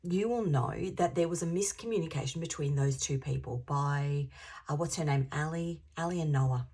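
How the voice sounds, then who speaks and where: Low husky woman doing a tarot reading, chatty and rambly, whispers now and then. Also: dark tone. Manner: chatty and rambling, drops into whispers to stress points. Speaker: intuitive tarot reader. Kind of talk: channeled tarot reading to camera.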